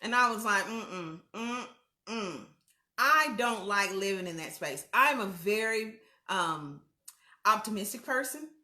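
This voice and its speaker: A woman's voice: medium pitch, lively intonation, moderate pace, bright, forceful tone, reverberant. A woman hosting a casual livestream, candid and chatty, speaking straight to her viewers. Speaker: host.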